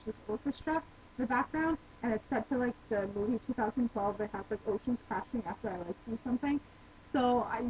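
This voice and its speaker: A young woman vlogging, telling her own embarrassing stories in a rambling, chatty way full of "like" and restarts. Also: fairly high pitch. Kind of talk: casual storytelling vlog. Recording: tinny phone-like sound with faint noise.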